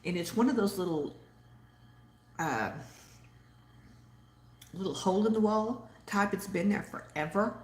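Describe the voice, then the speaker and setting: A woman's voice: medium pitch, lively intonation, unhurried, pauses often, reverberant. A woman with a Southern accent hosting a casual live-stream chat, rambling chattily and reading viewer comments aloud. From Texas. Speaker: host.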